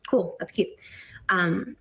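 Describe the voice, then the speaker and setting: A woman's voice: lowish voice, slow, gravelly, breathy edge. A young woman telling a heated family storytime on a vlog, acting out the dialogue with feeling. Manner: animated, acts out the quoted dialogue.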